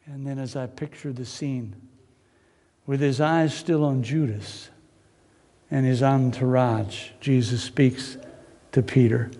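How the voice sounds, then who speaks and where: A man preaching a sermon in a dramatic storytelling way, pausing and repeating phrases. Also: fairly high pitch, darkish tone. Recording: reverberant hall.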